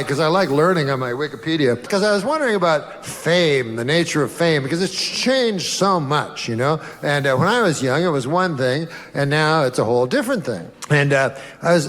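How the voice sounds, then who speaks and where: Deadpan drawling male comedian. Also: fairly high pitch, big-room sound. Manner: dry, halting, drawn-out pauses before punchlines. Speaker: stand-up comedian in played clip. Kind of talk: deadpan storytelling joke delivery.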